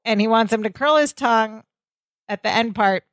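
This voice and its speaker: A woman co-host of a sitcom rewatch podcast, telling scenes with a lively, laughing manner. Her voice is somewhat high and recorded dry and close. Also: moderate pace, no echo. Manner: lively storytelling, laughs often. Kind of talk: casual chat recapping a sitcom episode.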